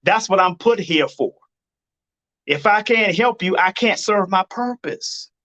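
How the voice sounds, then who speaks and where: High-voiced man preaching blunt dating advice. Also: lively intonation, measured pace, fairly bright tone, lo-fi sound. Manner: preachy, blunt, repeats his points. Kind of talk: live-stream advice monologue.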